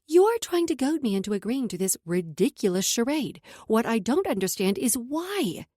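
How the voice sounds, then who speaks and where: A fiery young heroine, sharp-tongued and quick to blow up, as a woman narrator puts her on. Her voice leaps around, loud and biting. It is read close to the mic in a dry studio. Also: fairly high pitch, big pitch swings, no echo. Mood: indignant.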